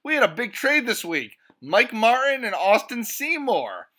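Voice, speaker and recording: A man hosting a fantasy football league recap, sarcastic and excitable, with sudden loud bursts of mock disbelief. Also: very high voice, unhurried. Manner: sarcastic, excitable, profane, with swings between flat and loud disbelief. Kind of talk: comedic sports recap.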